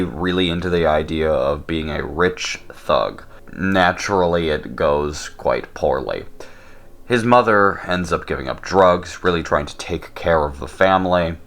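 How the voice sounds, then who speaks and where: Young guy with a really low voice, blunt opinions on songs, lots of ums and likes. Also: a bit bright. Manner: blunt, opinionated, hesitant with fillers. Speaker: YouTube host. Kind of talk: casual commentary on songs.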